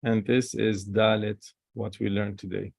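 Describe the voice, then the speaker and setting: Man, Hebrew teacher, slow patient delivery, repeats each sound, gravelly, dry close sound. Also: lowish voice, little pitch movement, darkish tone, dry recording. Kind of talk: recorded language lesson.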